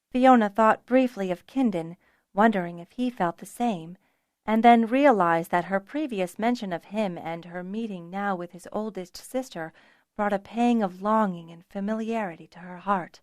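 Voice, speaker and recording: An audiobook narrator reads scripted narration in a measured, even storytelling way. Her voice is lowish, and the clean studio recording carries no room sound.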